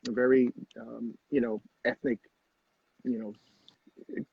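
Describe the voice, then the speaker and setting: A man's voice: mid-range voice, flat delivery, unhurried, gravelly, slightly rough, no echo, dull audio. A middle-aged man telling a personal story as a guest in a conversation, earnest and repeating phrases for emphasis.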